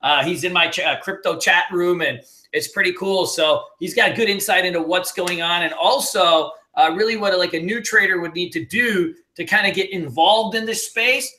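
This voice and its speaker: A man hosting a casual live trading webinar from his home, talking in an energetic, loose, joking way with plenty of fillers. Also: high voice, moderate pace. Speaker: webinar host and trading mentor.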